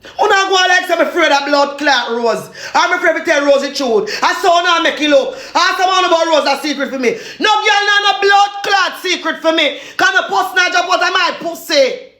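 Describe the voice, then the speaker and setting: A Jamaican woman in a loud, repetitive, cursing rant, laughing between insults. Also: extremely high pitch, moderate pace, roomy sound.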